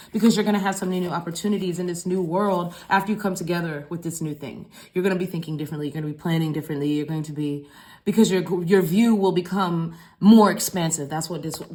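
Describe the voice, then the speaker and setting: A tarot reader gives a casual collective reading in a lowish, somewhat dark voice. She talks in a loose, rambling, slangy style, swearing often and repeating phrases.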